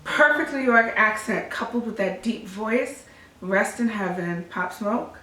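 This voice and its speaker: A woman's voice: mid-range voice, measured pace, sharp tone, roomy sound. A woman co-hosting a podcast, chatting casually in a blunt, profane, teasing way. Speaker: podcast co-host. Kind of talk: casual chat.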